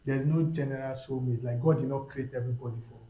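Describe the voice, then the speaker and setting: A man's voice: medium pitch, fairly even intonation, fast, warm tone. A man with a Nigerian accent, a guest on a casual podcast discussion, talking emphatically, repeating himself and slipping into pidgin phrases. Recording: roomy echo.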